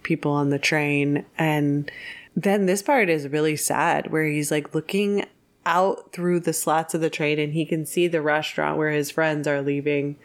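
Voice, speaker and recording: A woman co-hosting a podcast, casually retelling a film's plot with quick acted-out quotes and laughs. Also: sits low, fairly even intonation. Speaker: podcast co-host. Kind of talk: casual film discussion.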